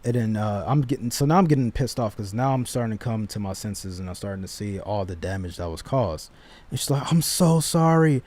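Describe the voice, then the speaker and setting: A young man casually telling a personal story, animated and slangy, with frequent restarts and asides. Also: fairly low pitch, brisk.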